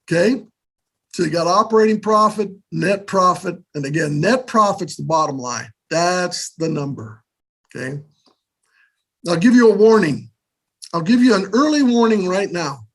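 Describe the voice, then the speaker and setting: A man's voice: sits high, lively intonation, normal speed, slightly rough. An older man giving a casual business workshop on finances, talking conversationally and checking in often with "okay?" and "right?". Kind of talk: casual instructional talk.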